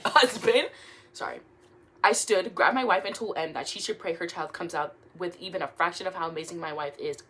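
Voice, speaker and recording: A woman's voice: fairly low pitch, husky. A young woman, reading online stories aloud at home in a casual way and breaking off to react with laughs and jokes. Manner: animated, laughing asides, trips over words. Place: room at home.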